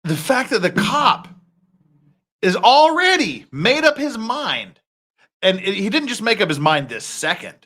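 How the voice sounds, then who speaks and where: A man's voice: high-pitched, measured pace. A man hosting a reaction commentary, ranting heatedly and swearing often. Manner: heated, profane, animated ranting. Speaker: commentary host.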